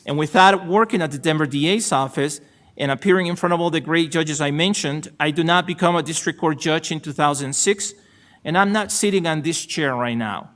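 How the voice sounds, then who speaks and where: A middle-aged man from El Salvador with a Salvadoran Spanish accent, giving a formal ceremonial acceptance speech as a new supreme court justice. He is measured and gracious, with dry self-deprecating humor. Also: a little high, a bit bright. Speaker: newly appointed state supreme court justice.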